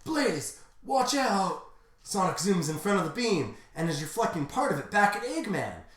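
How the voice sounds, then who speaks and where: A woman streamer reading fan fiction aloud with wry, deadpan asides. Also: fairly low pitch, a little fast. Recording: roomy echo.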